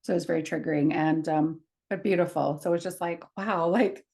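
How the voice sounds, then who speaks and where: A woman's voice: low voice, brisk, creaky. Chatty woman telling a story. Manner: animated, acts out quotes, laughs often. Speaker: podcast co-host. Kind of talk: casual storytelling chat.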